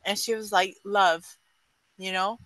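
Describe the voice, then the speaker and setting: A woman's voice: mid-range voice, moderate pace, pushed and bright, no echo, low-quality recording. A woman sharing a personal story at a book club in a chatty, casual way. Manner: chatty, lots of "like" and "you know". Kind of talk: casual sharing in a group discussion.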